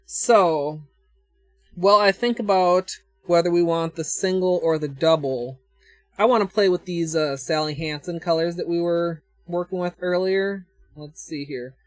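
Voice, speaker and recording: A woman's voice: lowish voice, measured pace, no room sound. A woman with a Minnesotan accent chatting casually on a livestream, thinking aloud as she demonstrates and answers her chat with frequent chuckles. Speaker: nail art livestreamer.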